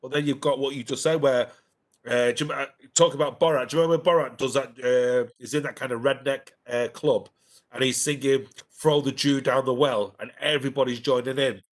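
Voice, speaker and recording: A man's voice: mid-range voice, fairly even intonation, brisk. A man co-hosting a casual live-stream chat, hesitant with many fillers and false starts. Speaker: podcast co-host.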